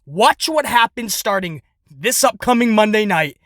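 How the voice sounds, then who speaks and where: A man rants through his wrestling commentary with sarcasm and a steady stream of profanity. His voice is bright and sharp, recorded dry and close. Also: high-pitched, unhurried, no room sound. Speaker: podcast host.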